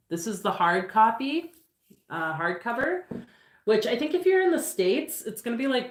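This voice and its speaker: Reading cards live on a livestream, a tarot reader muses aloud casually, her phrasing loose and rambling and packed with fillers. Her voice sits in the mid-range, and the sound is reverberant.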